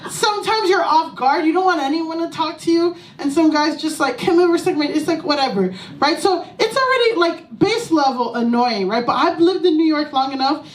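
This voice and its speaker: Brief: high-pitched female stand-up comic, salty and animated, recorded from a distance in an echoey club. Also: normal speed, hardly any pauses. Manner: profane, animated, breaks into laughter. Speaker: stand-up comedian. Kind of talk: stand-up comedy set. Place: small comedy club stage. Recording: echoey room, mic from a distance.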